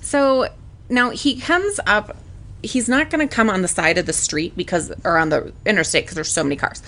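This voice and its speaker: A young woman co-hosting a casual podcast, telling a long story. She talks at an even middle pitch and jumps up high whenever she acts out what she or someone else said. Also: moderate pace. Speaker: podcast co-host.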